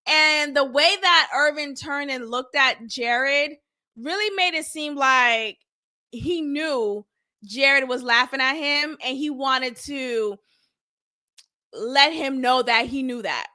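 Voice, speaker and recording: Animated high-pitched woman recapping a reality show. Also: takes it slowly. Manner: animated, blunt, laughing, slangy. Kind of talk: casual recap commentary.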